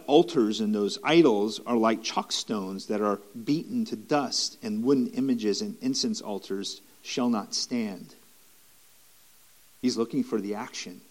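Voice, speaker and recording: A man preaching a sermon in an earnest, repetitive way, with restarts and rising emphatic stretches. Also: on the low side.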